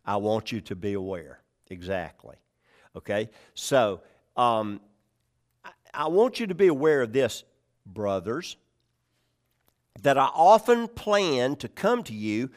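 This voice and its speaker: A man's voice: medium pitch, big pitch swings, slow, long pauses. A man preaching a conversational verse-by-verse sermon, asking his listeners questions and adding folksy jokes. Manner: conversational, checks in with the congregation, asks questions; folksy humor. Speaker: pastor. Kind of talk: sermon, verse-by-verse Bible teaching.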